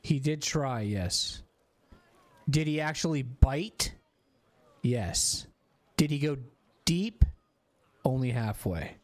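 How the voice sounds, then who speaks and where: A man's voice: mid-range voice, expressive, slow pace, pauses often. A man streaming a video game, chatting and teasing in a joking, casual way.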